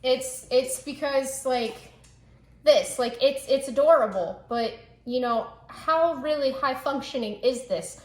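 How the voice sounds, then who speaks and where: A woman's voice: high voice, unhurried, reverberant. A woman hosting a casual cooking vlog from her home kitchen, joking around and filling her talk with "like". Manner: chatty, joking, lots of "like" fillers.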